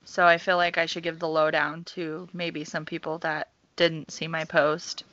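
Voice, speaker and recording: A young co-host shares everyday tales in relaxed podcast chat, profane and animated, diving into every detail. She speaks at normal speed in a bright, slightly low voice, captured on a dull, lo-fi recording.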